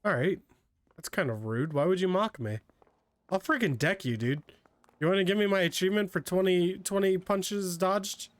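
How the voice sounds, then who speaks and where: A male streamer with a slightly higher voice, chatty and joking as he reasons aloud through a detective game. His voice is close and dry, with no room sound. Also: normal speed, dry recording. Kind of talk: casual let's-play commentary.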